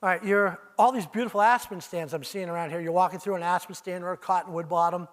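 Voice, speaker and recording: A man's voice: sits high, fairly even intonation, fast talker, fairly bright tone. An older man giving a live talk to an audience in an auditorium, telling stories as he speaks straight to his listeners and imitating owl calls. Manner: storytelling, addresses listeners as you, mimics owl calls. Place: arts center auditorium.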